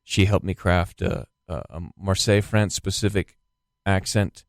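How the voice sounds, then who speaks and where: Low-voiced American man telling stories. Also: fairly even intonation, moderate pace, vocal fry, no echo, clean studio sound. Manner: rambling storyteller with many restarts. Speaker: guest actor. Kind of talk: casual podcast chat.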